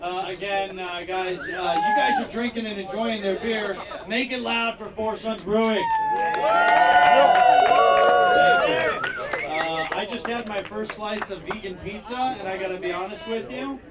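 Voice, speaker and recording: A man's voice: sits high, big pitch swings, moderate pace, hardly any pauses, very noisy. A man emceeing an outdoor backyard comedy show, doing loose crowd work full of fillers. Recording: echoey, distant, loud crowd. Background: loud crowd.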